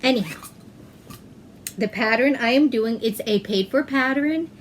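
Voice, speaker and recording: Slow-talking chatty woman knitting host. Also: a little high, a little hiss or hum. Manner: chatty, self-correcting, frequent "um". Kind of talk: casual chat.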